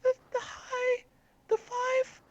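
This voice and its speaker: A man voicing a timid, nervous gnomish girl who speaks in a very high-pitched, stammering voice. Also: monotone, slow pace, a little mellow, muffled recording. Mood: timid, anxious.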